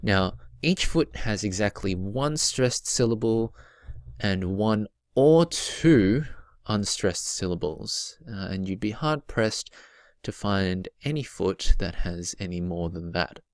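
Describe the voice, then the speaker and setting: A man with a very deep voice gives a patient recorded lesson, going over each point twice and sounding out rhythms. The sound is dry and close, with no room around it. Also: lively intonation, slow, no room sound. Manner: patient, repeats key points, chants rhythms aloud. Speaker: teacher.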